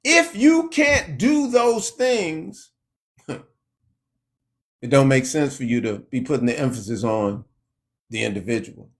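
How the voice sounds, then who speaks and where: A man preaching a sermon in a slow, emphatic way, lifting his voice when he quotes scripture. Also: medium pitch, expressive.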